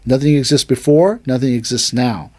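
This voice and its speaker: A man's voice: medium pitch, moderate pace, no room sound, clean studio sound. A man hosting a martial arts podcast, telling a story in a casual chat and acting out the voices in it. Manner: animated storyteller, acts out quotes. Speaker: aikido instructor and podcast host.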